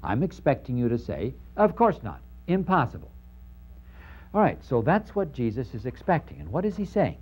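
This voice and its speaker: A man's voice: mid-range voice, a little fast, hardly any pauses, breathy edge, poor audio. A man giving a lecture on the parables, emphatic and posing rhetorical questions to his audience. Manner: animated, acting out quoted speech. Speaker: lecturer on New Testament parables.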